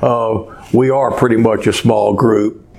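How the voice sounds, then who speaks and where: Slow-spoken man preaching a sermon. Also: lowish voice, steady tone, gravelly, a little mellow. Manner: slow, measured preaching with rising emphasis. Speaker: pastor. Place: small church.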